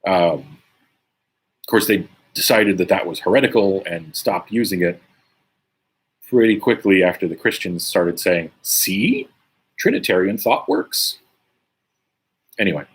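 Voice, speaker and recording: A man's voice: low voice, normal speed, long pauses, breathy edge. A man leading a casual Bible study, reading scripture aloud and commenting conversationally with frequent "right?" tags. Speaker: Bible teacher.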